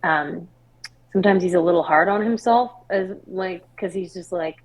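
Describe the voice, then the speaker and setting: A young adult woman from Washington State, a singer-songwriter guest telling a personal story in a candid, expressive podcast interview. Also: on the low side, normal speed, rough recording. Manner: candid, expressive storytelling with laughs and quoted dialogue.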